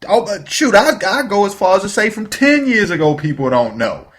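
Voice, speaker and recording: A man's voice: high-pitched, sing-song, brisk, fairly bright tone. Chatty male talk-show host. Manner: chatty, laughs easily. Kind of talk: casual interview.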